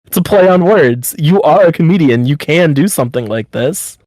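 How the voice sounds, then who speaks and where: A man with a slightly raised pitch chats on a casual podcast. He speaks bluntly, swears casually and keeps pressing his friend with pep-talk advice. The sound is close and dry. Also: lively intonation, normal speed, darkish tone, dry recording, low-quality recording. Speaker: podcast co-host.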